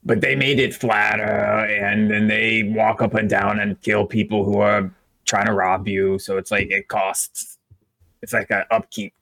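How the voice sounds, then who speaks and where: A man's voice: on the low side, level tone, a little slow, vocal fry, fairly bright tone. A man chatting casually as a player in a tabletop game, laid-back and joking.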